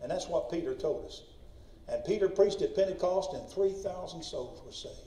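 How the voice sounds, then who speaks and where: A man preaches with fiery passion in a church. His voice sits high and climbs as he presses his point. The sound is roomy and distant, picked up from far off in an echoing sanctuary. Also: expressive, normal speed. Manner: impassioned preaching, shouts in story voices. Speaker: pastor. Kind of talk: sermon.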